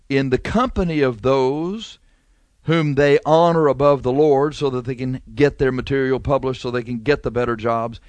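A man delivers a fervent radio sermon in a middle-range voice. He hammers points through repetition and lets his voice surge high and loud. The sound is dry and close. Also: normal speed, no room sound. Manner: fervent, repetitive preaching with sudden rises in pitch and volume. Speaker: radio preacher.

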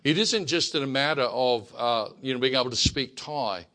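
A man's voice: medium pitch, moderate pace, pushed and bright. A man with an Australian accent giving a sermon and telling stories about missionary life, often repeating words as he starts a sentence. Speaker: missionary preacher.

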